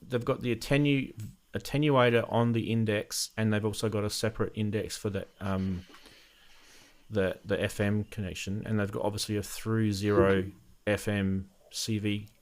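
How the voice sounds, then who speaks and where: A man's voice: on the low side, flat delivery, normal speed. A man hosting a casual chat about synth modules, thinking aloud with frequent ums and restarts. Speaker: host.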